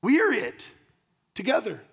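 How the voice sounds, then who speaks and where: Emphatic preaching man, fairly high voice. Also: wildly swooping pitch, measured pace, vocal fry, husky. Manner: emphatic, swinging between loud punches and quiet asides; repeats key lines for emphasis. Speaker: pastor. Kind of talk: sermon.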